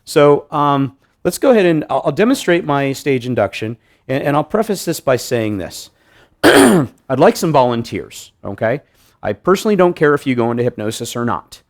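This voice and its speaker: A man's voice: medium pitch, moderate pace. A man presenting a hypnosis demonstration to a live audience, joking with volunteers and restarting his sentences often. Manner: joking, animated, many restarts. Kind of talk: live stage demonstration talk. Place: meeting room with audience.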